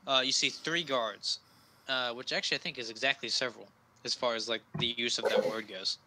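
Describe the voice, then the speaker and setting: A man's voice: medium pitch, sharp tone. A man narrating as game master of a tabletop role-playing game, talking with frequent hesitations. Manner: halting, with frequent uh fillers.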